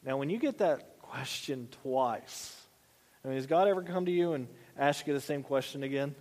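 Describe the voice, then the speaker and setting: Folksy preacher in an echoey hall. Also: male voice, mid-range voice, moderate pace, darkish tone. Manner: conversational, folksy asides. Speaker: pastor. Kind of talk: sermon.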